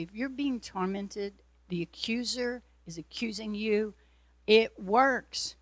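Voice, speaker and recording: A woman's voice: mid-range voice, slow pace, dry recording. A woman preacher giving an earnest sermon testimony, telling her story and acting out her own prayers and God's replies.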